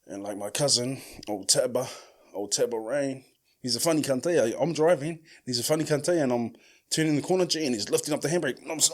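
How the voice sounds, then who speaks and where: A man with a New Zealand accent telling a story casually as a podcast host, full of slang and swearing, who acts out the quoted lines loudly. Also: mid-range voice, fairly quick.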